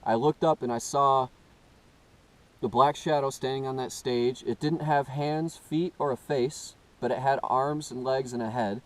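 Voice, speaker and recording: A man earnestly telling a first-person story, halting and often restarting as he searches for words. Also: medium pitch, fairly even intonation, rough recording. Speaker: personal testimony speaker.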